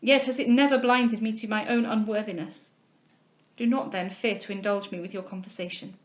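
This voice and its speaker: A woman reading a novel aloud, voicing an anxious, earnest young gentleman who pleads with the heroine. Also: medium pitch, steady tone, moderate pace, muffled recording, natural voice. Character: ardent, humble young gentleman suitor, anxious. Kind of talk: audiobook character reading.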